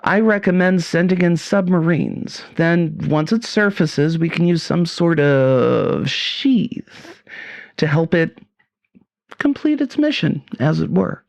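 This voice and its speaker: Woman doing a measured earnest army major. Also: on the low side, animated, creaky, darkish tone, no echo, exaggerated voice. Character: earnest male army major, careful planner.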